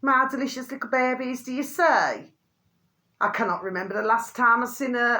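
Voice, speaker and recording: A woman's voice: steady tone, normal speed, sharp tone. Rambling woman vlogging to viewers. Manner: rambling, keeps calling viewers "my delicious little babies"; mild euphemistic swearing, pitch climbs when indignant. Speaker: channel host. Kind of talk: rambling vlog monologue to viewers.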